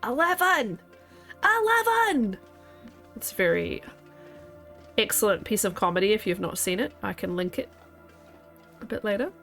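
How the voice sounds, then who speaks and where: While playing a game on stream, this New Zealand-accented woman keeps up relaxed, chatty banter with her audience and herself, laughing a lot. Her medium-pitched voice sounds gravelly at a moderate pace, with long pauses and soft music in the background.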